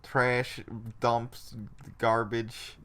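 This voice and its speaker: A man's voice: mid-range voice, monotone, drawn-out words, fairly bright tone, clear, resonant tone. A man co-hosting a casual podcast, animatedly retelling scenes and acting out quotes. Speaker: podcast co-host. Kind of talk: casual chat.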